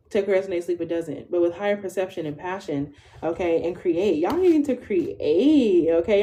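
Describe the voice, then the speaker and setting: This woman's voice is lowish with a darkish tone, and there's a faint hiss or hum in the background. In her twenties, she gives an informal live tarot reading, chatty and full of slang, closing almost every phrase with "okay?".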